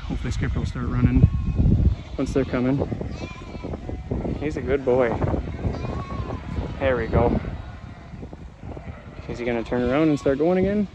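A man's voice: mid-range voice, normal speed, pauses often. A man farmer chatting casually while herding his flock outdoors, rambling and talking to his animals. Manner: folksy, rambling, talks to the animals. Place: outdoors on a farm hillside and woods. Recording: outdoor noise with sheep bleating. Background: sheep bleating.

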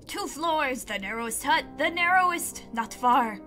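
Woman voicing a twitchy game bird: shrill, bright, squawks short repeated phrases. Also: expressive, unhurried, faint music behind, exaggerated voice. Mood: urgent. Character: suspicious squawking talking bird, frantic.

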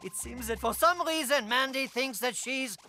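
A woman's voice: sits high, moderate pace, bright, forceful tone. A woman voicing a prim, polite teacher who frets over her students. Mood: fussing. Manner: polite, fussy, fretting. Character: prim, fussy woman teacher on a school trip. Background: cartoon music score.

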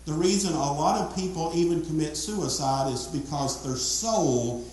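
A man's voice: fairly high pitch, moderate pace, darkish tone, a little hiss or hum. A man preaching a sermon as pastor, emphatic and repetitive, calling out to the congregation. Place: church sanctuary. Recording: very echoey church hall.

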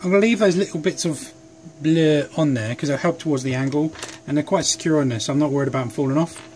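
Chatty man with a higher voice. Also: fast, darkish tone, a little hiss or hum. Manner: rambling, chatty, self-deprecating. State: sleep deprived. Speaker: hobby craft vlogger. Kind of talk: casual chat while working. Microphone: phone camera.

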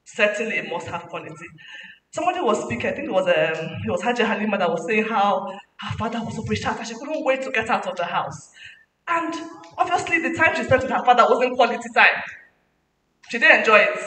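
A woman giving an animated, preachy motivational talk as a guest speaker at a parenting summit. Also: a little high, brisk. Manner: animated, preachy, mixing in laughs. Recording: echoey hall from far off, faint noise.

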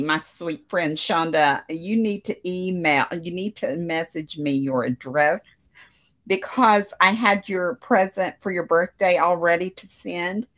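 A woman's voice: fairly low pitch, fairly bright tone. A woman hosting a casual crochet livestream from her living room, chatting with viewers and laughing often. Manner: chatty, reads out comments, frequent laughter. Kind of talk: casual chat with live viewers.

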